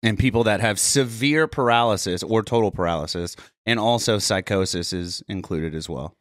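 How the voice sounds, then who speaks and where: A man's voice: fairly low pitch, moderate pace, a bit bright, no echo, studio quality. A man co-hosting a casual podcast, reading news items aloud, joking and swearing as he goes. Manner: laughs often, swears, breaks into a joking accent. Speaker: podcast co-host.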